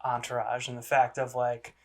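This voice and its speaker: A man co-hosting a casual sports podcast, rambling with fillers and quick laughs. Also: mid-range voice, monotone, a bit bright. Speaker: podcast co-host.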